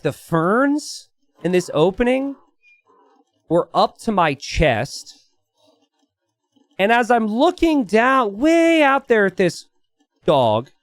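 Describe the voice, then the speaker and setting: A man's voice: high voice, no echo. A young man commentating a strategy game in a chatty, casual way, telling a personal story between plays. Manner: animated, chatty, lots of "like" and "right?".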